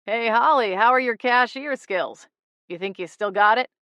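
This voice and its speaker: A woman's voice: on the high side, normal speed, sharp tone, no room sound, lo-fi sound. A woman voicing a playful, teasing young man in an audiobook, reading his lines lightly in her own voice. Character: teasing, good-humored young man, coffee lover.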